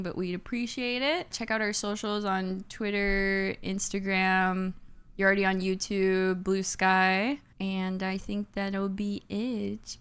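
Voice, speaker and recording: A woman co-hosting a podcast in casual chat, talking in an animated, chatty way. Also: mid-range voice, clean tone. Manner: chatty, animated, trailing off into giggles. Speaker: podcast co-host.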